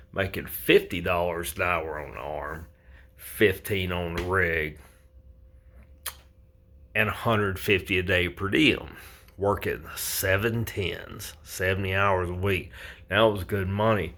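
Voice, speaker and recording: A man's voice: deep voice, slow, fairly bright tone. A man who works as a pipeline welder, telling a story to camera in a blunt, casual way with heavy swearing.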